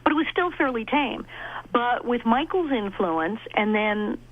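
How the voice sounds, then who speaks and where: A middle-aged woman, an actress and comedian, telling stories in an interview, animated and laughing as she acts out quoted lines. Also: on the high side, measured pace. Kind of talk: casual interview storytelling. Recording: dull lo-fi audio.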